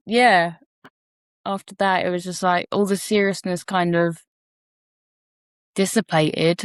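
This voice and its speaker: A woman's voice: medium pitch, no room sound, clean studio sound. Candid, laughing woman co-host. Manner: candid storytelling with laughter and swearing. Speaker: podcast co-host. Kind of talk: casual conversation.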